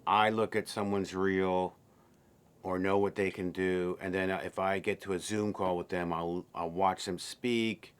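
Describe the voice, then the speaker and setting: Low-voiced man recalling a film shoot. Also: a little slow, smooth. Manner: relaxed, rambling with fillers and restarts. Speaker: film director. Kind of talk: behind-the-scenes interview.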